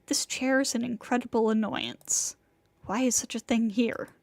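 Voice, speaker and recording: A woman's voice: fairly high pitch, moderate pace, a little mellow, no room sound, natural voice. A woman reading the first-person narration of a flustered young male student, bewildered and rambling. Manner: bewildered, rambling inner monologue.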